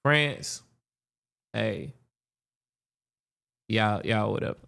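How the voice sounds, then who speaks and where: A man's voice: lowish voice, animated, drawn-out words, creaky, sharp tone. A man hosting a podcast, reacting to a history video in casual, profane commentary, thinking aloud with restarts.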